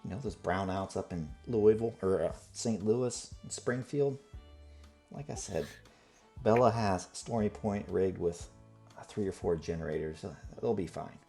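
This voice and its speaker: A man's voice: low voice, normal speed, gravelly, mellow, faint music behind. A man voicing a chatty, snide woman bartender who gossips about locals. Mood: gossipy.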